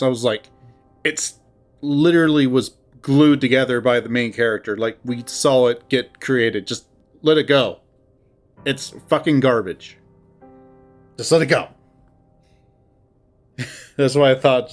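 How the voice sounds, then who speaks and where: A man's voice: mid-range voice, normal speed, faint music behind. Rambling, swearing man on a call. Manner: rambling, laughing, profane. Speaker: co-host playing a visual novel. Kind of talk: casual chat. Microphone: online voice call.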